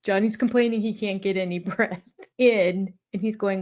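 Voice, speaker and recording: A woman's voice: medium pitch, steady tone, normal speed, darkish tone. An older woman giving sarcastic, amused reaction commentary on a reality show, often laughing. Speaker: YouTube commentator.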